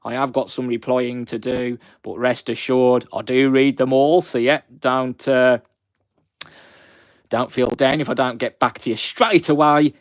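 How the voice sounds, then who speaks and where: A man in his twenties from England's West Midlands, with a Black Country accent, hosts a live stream in a mid-range voice. He chats with viewers in a friendly, rambling way, full of fillers. The studio-quality audio has no room sound.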